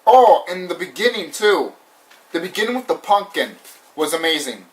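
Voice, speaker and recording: A young man casually ranting through a movie review, animated and repetitive, swearing often and laughing now and then. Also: high voice, moderate pace. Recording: voice somewhat far from the mic.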